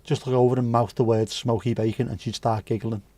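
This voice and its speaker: A British man hosts a relaxed livestream, chatting and cracking jokes as he reads out viewer comments. His voice sits at an ordinary pitch. The sound is close and dry, with no room echo. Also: brisk. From United Kingdom. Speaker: livestream host. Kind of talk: casual livestream chat.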